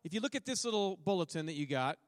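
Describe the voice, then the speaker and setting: A middle-aged man tells a church a story of his mission work, slipping in jokes and acting out what each person said. His voice sits a little high for a man. The sound is dry and close, with no room echo. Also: expressive, fast talker. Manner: joking storyteller, acts out his own and others' words. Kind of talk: sermon testimony.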